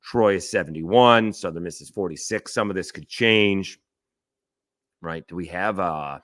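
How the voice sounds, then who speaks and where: Man, low voice, sports radio host, solo commentary, rhetorical questions, halting restarts. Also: fairly bright tone, no room sound. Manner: thinking aloud, checking stats mid-sentence, many fillers and restarts.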